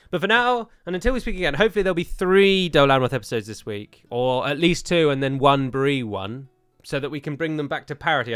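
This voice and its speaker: A man's voice: mid-range voice, fairly bright tone. A young man chatting through a strategy game in a let's-play commentary, self-mocking and jokey. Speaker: gaming YouTuber.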